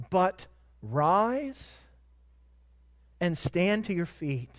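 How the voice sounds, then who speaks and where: A man preaching a sermon as pastor, shifting between quiet reflection and loud, emphatic peaks. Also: high voice.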